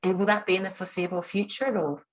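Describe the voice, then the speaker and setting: A woman hosting a podcast, chatting in an encouraging, measured way. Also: mid-range voice, steady tone, a little hiss or hum. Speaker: podcast host. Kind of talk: casual podcast chat. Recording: muffled lo-fi audio.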